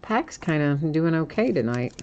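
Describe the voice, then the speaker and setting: A woman's voice: sits low, sing-song, moderate pace, darkish tone, muffled recording, slight background noise. A woman hosting a live-stream card break, chatting and laughing as she reveals each card and often trips over player names.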